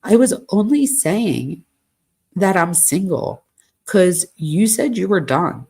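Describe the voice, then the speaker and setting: A woman's voice: lowish voice, sing-song, takes it slowly, darkish tone, breathy edge, full character voice. Woman reading as a hurt young man texting. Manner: reads text messages aloud with a lightly raised voice.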